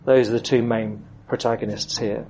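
Lively man preaching. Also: medium pitch, a little hiss or hum. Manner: lively, quick asides and acted-out voices. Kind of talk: expository sermon with Bible reading. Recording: dull lo-fi sound.

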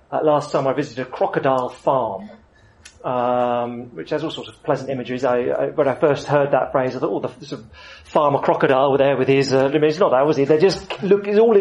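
A man preaching a sermon, with lively storytelling and rising emphasis. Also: on the high side, low-quality recording.

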